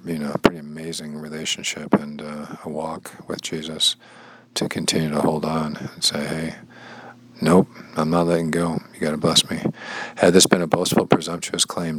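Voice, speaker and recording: Very low-voiced man reading and explaining. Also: a bit bright, a little hiss or hum, low-quality recording. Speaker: bible study teacher and language learner. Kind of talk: reading a devotional text aloud and explaining it.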